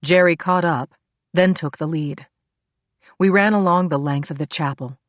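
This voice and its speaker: A woman reading a thriller audiobook aloud in a steady, even storytelling manner. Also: deep voice, moderate pace, dry recording. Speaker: audiobook narrator. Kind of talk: scripted narration.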